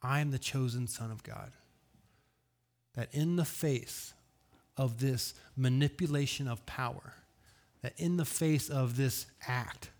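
Earnest male pastor preaching. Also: medium pitch. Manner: earnest, swings between hushed and raised delivery; asks rhetorical questions. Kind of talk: sermon.

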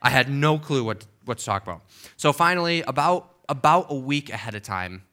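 A man's voice: mid-range voice, lively intonation, fairly quick, bright, forceful tone. A man preaching a sermon as pastor in a church, conversational and emphatic, often checking in with the congregation. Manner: conversational, emphatic, with frequent okays and restarts.

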